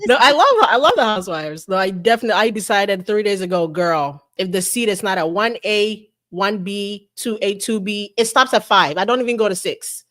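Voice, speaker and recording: A woman's voice: mid-range voice, expressive, brisk, hardly any pauses, fairly bright tone. A woman in her thirties, a podcast guest chatting in a playful, teasing, diva-like way. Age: 30s. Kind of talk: casual chat.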